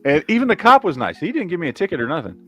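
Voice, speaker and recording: Cussing podcast host, lively pitch. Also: male voice, very fast, faint music behind. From Texas. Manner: profane, rambling storyteller. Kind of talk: casual chat.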